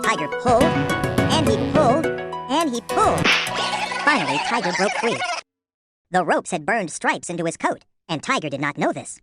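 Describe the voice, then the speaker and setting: A woman narrating a children's story in a clear, expressive storytelling manner. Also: mid-range voice, normal speed, long pauses. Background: music.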